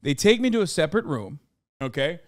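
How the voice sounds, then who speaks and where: A man casually telling a story on a podcast, animated and swearing freely, acting out the people in it. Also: on the high side, a little fast, dry recording, clean studio sound. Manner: animated, swears, acts out quoted officials.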